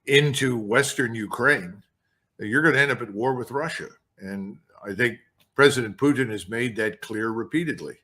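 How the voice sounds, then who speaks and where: A man's voice: lowish voice, bright, forceful tone. An older man speaking as an interview guest, blunt and emphatic. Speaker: guest commentator.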